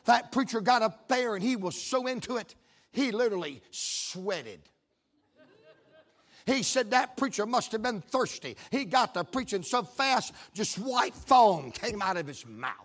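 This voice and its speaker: A man preaching a sermon, telling a funny story in a folksy, animated way that builds up to shouting. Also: high-pitched, measured pace. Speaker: pastor.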